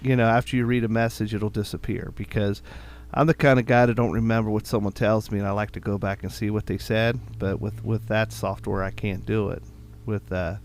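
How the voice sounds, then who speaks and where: A man's voice: on the low side, steady tone, a little fast, darkish tone, a little hiss or hum. A middle-aged man co-hosting a podcast, chatting casually in an easygoing, rambling way and often repeating words. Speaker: podcast co-host.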